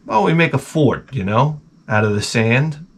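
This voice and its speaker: A man hosting a comedy podcast, telling crude personal stories. He rambles and swears freely, with a deadpan delivery at a mid pitch. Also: moderate pace, slightly rough. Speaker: podcast host.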